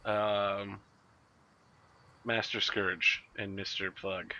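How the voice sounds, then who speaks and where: Bright-voiced man narrating a tabletop game. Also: on the low side, level tone. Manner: brisk, playful narration with slips. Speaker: game master. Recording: muffled lo-fi recording.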